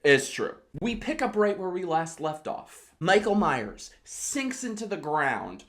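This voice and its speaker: Woman, tipsy, drunk comedic movie recap, swinging voice, unhurried. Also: fairly low pitch. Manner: animated, swearing, exclamatory storytelling. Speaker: host.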